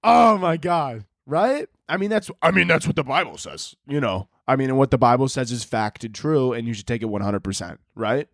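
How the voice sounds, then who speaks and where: A man's voice: medium pitch, animated, moderate pace, few pauses, no echo, studio quality. A young man hosting a podcast, rambling through a comic monologue, swearing often and laughing at his own jokes. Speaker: podcast host. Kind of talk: casual comedic monologue.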